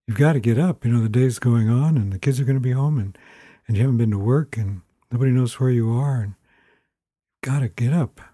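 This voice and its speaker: A man's voice: medium pitch, brisk, dark tone, husky, dry recording, clean studio sound, lightly acted. A man voicing an impatient wife who scolds her husband in a told story. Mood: exasperated. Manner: scolding, exasperated. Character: impatient wife, middle-aged woman.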